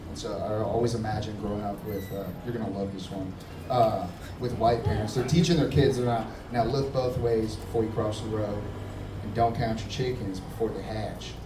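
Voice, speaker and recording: Laughing stand-up comic in an echoey club. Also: male voice, lowish voice, steady tone, normal speed. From Middle Eastern heritage, Persian father. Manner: loose, laughing, teasing the crowd. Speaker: stand-up comedian. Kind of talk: stand-up crowd work. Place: comedy club stage. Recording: echoey room, distant, noisy crowd.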